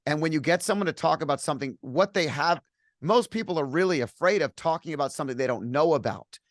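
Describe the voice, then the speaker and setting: A man's voice: a little high, animated, fast, no echo, clean studio sound. A man hosting a podcast interview, agreeing with his guest and summing up his point. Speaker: podcast host.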